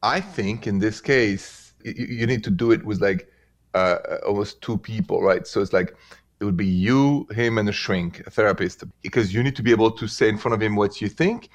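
A man's voice: on the low side, moderate pace. A man with a French accent, hosting a call-in relationship advice show and mixing in French greetings. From France. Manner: friendly, mixes in French greetings. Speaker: radio advice show host.

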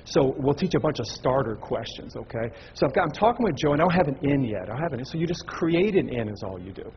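A man telling stories in a sermon to a church audience, acting out the people he talks to in an animated way. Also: medium pitch, quick pace, highs cut off, a little hiss or hum. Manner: animated, acts out dialogue. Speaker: evangelist speaker.

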